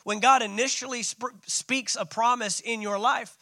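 A man's voice: extremely high pitch, steady tone, normal speed, bright, forceful tone, no echo. A man preaching a sermon as pastor, calling out to his congregation. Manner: preaching with call-outs.

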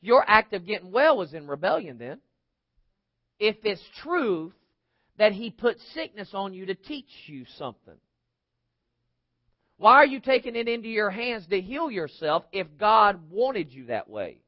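A man's voice: sits high, big pitch swings, measured pace, no room sound, highs cut off. A man preaching a sermon in an emphatic, conversational way, asking the congregation rhetorical questions. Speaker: pastor.

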